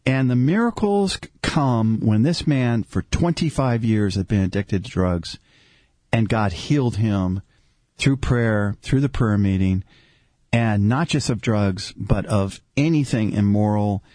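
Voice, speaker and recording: A man's voice: fairly low pitch, animated, unhurried, darkish tone, dry recording. A man hosting a religious talk show as a deacon, telling stories earnestly and with animation.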